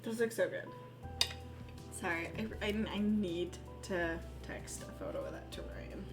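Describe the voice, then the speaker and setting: A woman talks her way through a baking stream in a loose, rambling chat, freely sprinkled with swear words. When her dogs come by, she coos at them in a high, soft voice. Music plays clearly underneath her voice. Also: wildly swooping pitch, a little slow. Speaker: live streamer.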